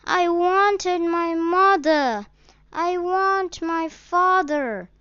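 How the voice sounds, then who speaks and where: A woman reading a story aloud and voicing a small lost boy who calls high and loud for his mother and father. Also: very slow, no room sound, dull audio, heavily acted. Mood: sobbing. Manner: high pleading cries. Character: frightened little boy lost at a fair.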